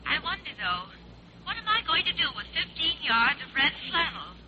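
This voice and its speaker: A sentimental older mother, high voice, lively pitch, muffled hissy old radio recording. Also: moderate pace. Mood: gushing. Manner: sentimental, gushing. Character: doting older mother on the phone. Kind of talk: 1950s radio sitcom acting.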